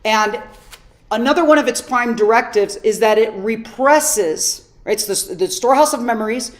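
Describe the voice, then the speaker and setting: Brief: woman coach, higher voice, lively storyteller teaching online. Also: normal speed. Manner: animated storytelling, rhetorical questions. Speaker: personal development coach.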